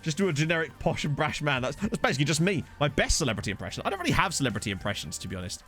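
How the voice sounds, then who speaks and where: Very fast, fairly high, and a bit bright, his voice swings widely in pitch as he streams a football management game. Faint music sits behind the chatty, jokey talk, and he answers viewers through a desk USB condenser microphone.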